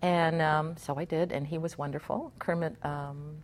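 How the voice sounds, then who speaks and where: A middle-aged woman from Hawaii, a puppeteer being interviewed, chatting in an animated way and laughing often. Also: sits low, normal speed. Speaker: puppeteer guest. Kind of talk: conversational interview.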